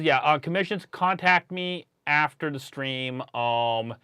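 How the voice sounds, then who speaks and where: A man chatting casually on an art livestream, lively and often chuckling, echoing his co-host. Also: fairly high pitch, takes it slowly, clean tone. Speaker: stream artist.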